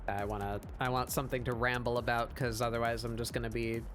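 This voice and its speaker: A man's voice: mid-range voice, little pitch movement, fast talker, over music. A man hosting a casual art stream, talking in a laid-back, hesitant way while he draws.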